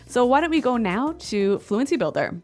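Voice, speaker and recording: A woman's voice: fairly high pitch, sing-song, normal speed, a little mellow, soft background music. A woman co-hosting an English lesson, explaining words and phrases in a friendly way. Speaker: English teacher, co-host. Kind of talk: language lesson chat.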